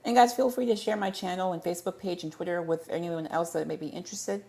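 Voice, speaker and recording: A woman's voice: lowish voice, fast talker, vocal fry, dark tone. A woman hosting a casual livestream Q&A, rambling and often stumbling over her words and correcting herself. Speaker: livestream host.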